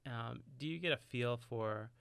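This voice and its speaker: A man's voice: medium pitch, a little slow, gravelly, a bit bright, clean tone, no room sound. A man hosting a podcast interview, asking long, winding questions. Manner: curious, long rambling questions. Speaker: podcast host.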